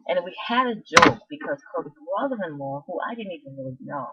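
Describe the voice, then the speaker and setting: A woman's voice: lowish voice, expressive, brisk, heavy background noise. A woman chatting casually on her vlog, telling a meandering story full of asides and restarts. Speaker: vlogger. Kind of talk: casual rambling chat. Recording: dull lo-fi recording.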